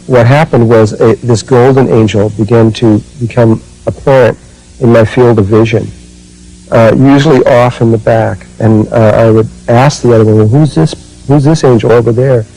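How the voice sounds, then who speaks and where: A man giving a spiritual talk and recalling his own experiences, speaking slowly and haltingly with many fillers and restarts. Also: medium pitch, mellow, low-quality recording. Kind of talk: spiritual talk, personal recollection.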